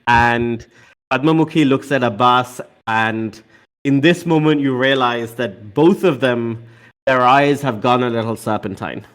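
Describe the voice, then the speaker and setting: A man's voice: medium pitch, measured pace, fairly bright tone, smooth. A man narrating as game master in a tabletop game, hesitant and full of fillers.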